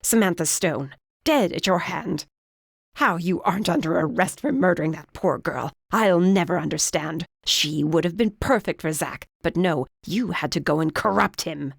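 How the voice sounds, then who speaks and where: A woman's voice: fairly low pitch, normal speed, creaky, no room sound, studio quality. A woman voicing a stern, disapproving middle-aged witch mother with a clipped, imperious manner in an audiobook. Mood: cold.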